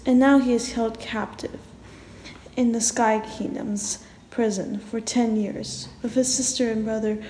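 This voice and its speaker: Slow-talking woman telling a story. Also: a little high, dark tone, roomy sound, a little hiss or hum, rough recording. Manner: chatty, restarting words, talking to the viewer. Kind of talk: casual story narration.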